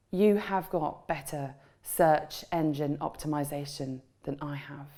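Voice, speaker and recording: A woman performing spoken word poetry in a rhythmic delivery with repeated refrains. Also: high voice. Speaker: poet.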